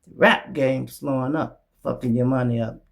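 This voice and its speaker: Male host, gravelly, profane, mocking street commentator. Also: mid-range voice, fairly even intonation, moderate pace. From Memphis. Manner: blunt, profane, mocking, acts out others' voices. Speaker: show host. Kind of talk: commentary monologue.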